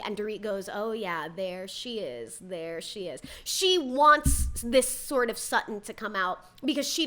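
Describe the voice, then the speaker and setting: A woman's voice: high-pitched, pushed and bright. A young woman hosting a reality TV recap, talking casually, opinionated and heated, often quoting people in mocking voices. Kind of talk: casual commentary vlog.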